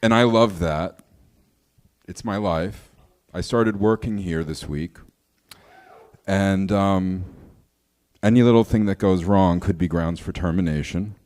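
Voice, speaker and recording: Stand-up comic, male, lower voice, wry and self-aware. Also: takes it slowly, pauses often, darkish tone. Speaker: comedian. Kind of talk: stand-up comedy set.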